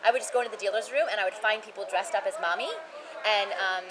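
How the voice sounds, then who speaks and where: At a convention venue, a woman voice actress chats casually as an interview guest, lively and quick, jumping into high-pitched bursts whenever she acts out quotes. The background is noisy with crowd sounds.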